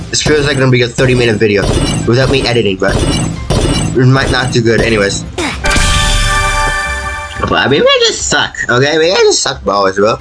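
A man giving casual, excitable gameplay commentary as host of a gaming channel, trash-talking in slang. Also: medium pitch. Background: loud game music.

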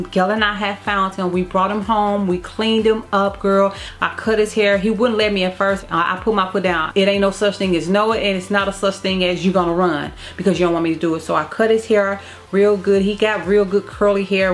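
A woman telling a personal family story to her vlog viewers in a candid, emotional way, often repeating phrases. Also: mid-range voice. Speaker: vlogger. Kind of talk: casual storytime to camera.

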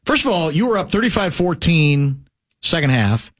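Teasing male radio host, lively pitch. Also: moderate pace. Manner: teasing, prodding interviewer. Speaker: radio talk show host. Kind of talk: casual radio chat. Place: radio studio.

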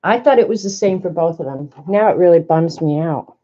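A woman talks viewers through a craft machine in her home craft room, thinking out loud and growing flustered. Her voice is mellow and a little dark. The recording sounds slightly dull and lo-fi. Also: fairly low pitch, lively intonation, fairly quick. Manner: chatty, flustered, thinking aloud. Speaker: crafter demonstrating a die-cutting machine. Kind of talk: casual craft demonstration to viewers.

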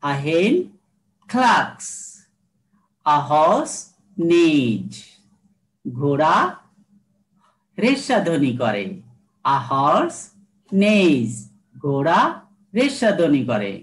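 A man's voice: a little high, very animated, normal speed, pauses often. A man who speaks Bengali natively, teaching an English lesson. He drills words, repeats them, translates each line and keeps calling the listener "my dear student". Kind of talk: recorded classroom lesson.

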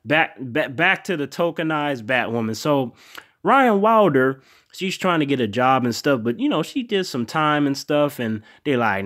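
A man's voice: on the high side, big pitch swings, moderate pace, fairly bright tone. A man hosting a casual vlog review, laid-back and profane, often laughing and acting out characters' lines. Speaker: TV show reviewer and channel host.

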